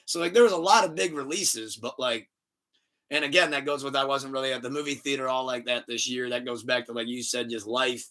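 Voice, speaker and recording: Here the same kind of casual podcast host, a man with a mid-range voice, speaks briskly. His storytelling is animated and profane, and he laughs a lot.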